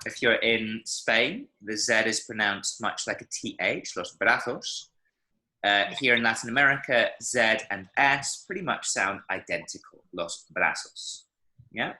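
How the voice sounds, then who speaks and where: A man teaching a language class over a video call, with a voice that rises and falls a lot. His tone is bright and carries, and he keeps praising his students while he models words for them. The sound rings off the walls of the room he is in. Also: lowish voice. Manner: encouraging, explains with spoken examples. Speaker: Spanish teacher. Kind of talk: online language lesson. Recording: echoey room.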